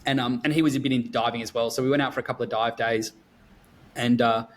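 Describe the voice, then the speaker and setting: A man chats as a podcast guest, his pitch sitting in the middle range. He rambles through his stories with plenty of ums and likes and laughs often. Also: fairly even intonation, fast talker. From Melbourne, Australia. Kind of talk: casual interview chat.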